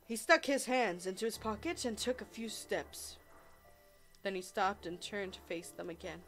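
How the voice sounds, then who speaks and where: A young woman playing a visual novel, reading the text and dialogue aloud with laughing, excited asides. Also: mid-range voice, moderate pace, soft background music. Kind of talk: let's play narration.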